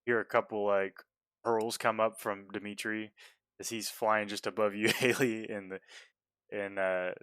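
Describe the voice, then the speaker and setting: Smooth-voiced man as game master. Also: on the low side, flat delivery, fairly bright tone, no room sound. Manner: halting, full of fillers and restarts. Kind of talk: narrating a tabletop game.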